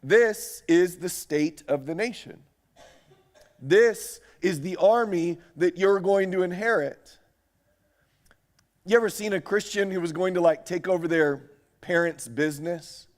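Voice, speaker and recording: A man delivers a sermon at a lectureship in a fairly high voice. He reads scripture aloud and turns often to the audience with direct questions, speeding up and slowing down to stress a point. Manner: animated, asks the audience questions. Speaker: preacher.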